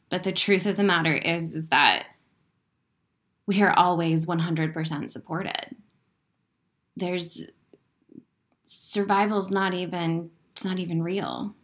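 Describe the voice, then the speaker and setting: A woman's voice: on the low side, a bit bright. A woman giving an emotional, spiritual motivational talk to her viewers. She speaks with earnest conviction, swears freely and laughs through her emotion. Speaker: inspirational speaker.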